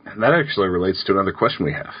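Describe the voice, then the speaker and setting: A man's voice: sits low, lively intonation, very fast, slightly rough. A man co-hosting a podcast in casual chat, laid-back and rambling as he reads listener questions. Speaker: podcast co-host. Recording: dull lo-fi podcast audio.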